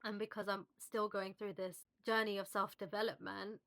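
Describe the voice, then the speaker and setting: A woman vlogger speaking softly and reflectively to her viewers, with fillers and small restarts. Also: mid-range voice, little pitch movement, normal speed. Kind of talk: heartfelt one-on-one talk to camera. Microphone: phone at arm's length, video-call style.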